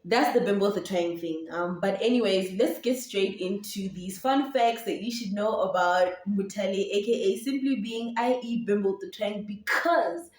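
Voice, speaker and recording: A woman's voice: mid-range voice, normal speed, few pauses, darkish tone. Young Zambian woman, Setswana twang, rambling casual vlog chat, roomy and off-mic. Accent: Setswana-tinged English. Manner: chatty, rambling, many fillers and restarts. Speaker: YouTuber and podcaster. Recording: roomy echo, voice from a distance.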